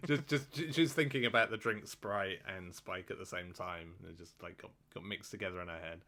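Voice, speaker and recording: This casual podcast co-host has a deep, bright voice with a forceful edge, and he speaks at a normal speed. His sentences often break off and start over, padded throughout with "like."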